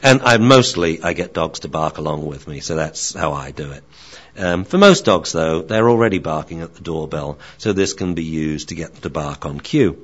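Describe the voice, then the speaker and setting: A man teaching dog training in a lecture, animated and acting out barks and dialogue. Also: a bass voice, moderate pace. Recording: dull lo-fi recording.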